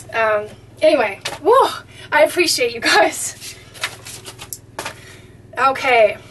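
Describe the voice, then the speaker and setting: High-voiced woman reading fan mail. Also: expressive, takes it slowly, long pauses, a bit bright, distant mic, slight background noise. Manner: effusive, easily touched, exclaims often. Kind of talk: casual chat.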